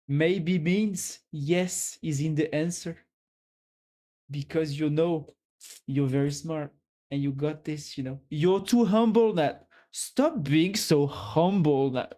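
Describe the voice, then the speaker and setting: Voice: mid-range voice, a little mellow. A streamer with a French accent, chatting casually on a live stream and teasingly giving a viewer a pep talk.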